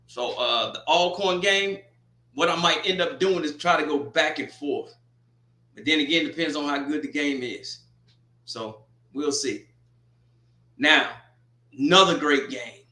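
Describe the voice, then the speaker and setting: A man hosting a casual college football preview, animated and talking straight to teams and viewers. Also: fairly high pitch. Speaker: sports show host. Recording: echoey room.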